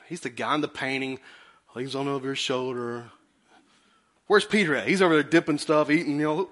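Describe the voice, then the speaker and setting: Man, pastor, folksy sermon, bright tense voice, a bit high. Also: fairly quick. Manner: folksy and animated, acting out quotes in a high put-on voice.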